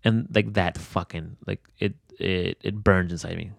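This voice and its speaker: Low-voiced young man rambling candidly. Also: steady tone, measured pace, creaky, dry recording, clean studio sound. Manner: rambling, filler-heavy, swears freely. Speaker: interviewee telling a personal story. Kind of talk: candid conversational storytelling.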